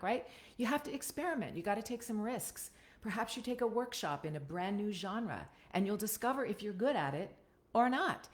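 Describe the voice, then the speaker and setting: Woman, American accent, voiceover coach, chatty, webcam stream, lowish voice, very lively intonation. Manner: chatty, ends points with "right?". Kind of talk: live-streamed coaching talk. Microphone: computer webcam stream.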